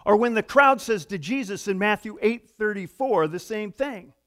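Animated preacher, lively high voice. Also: male voice, moderate pace. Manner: conversational and animated, swinging from hushed to loud. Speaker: pastor. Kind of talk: sermon.

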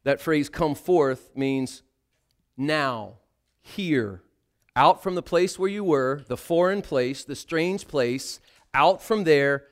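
A man preaching a sermon, dramatic, swinging between hushed quotes and loud calls. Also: on the high side, lively intonation, slow.

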